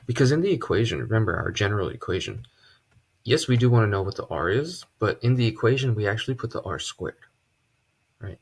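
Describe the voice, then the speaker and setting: A man teaching a casual math lesson at a board, relaxed and chatty, with joking asides. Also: on the low side, brisk, husky. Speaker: math tutor.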